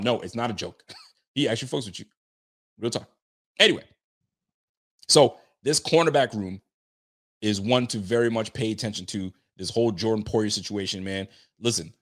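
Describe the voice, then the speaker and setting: A man hosting a casual sports talk show, speaking in an animated, slang-heavy way, answering chat comments and riffing on the roster. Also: on the low side. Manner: animated, slangy, talks straight to listeners. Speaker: sports podcast host.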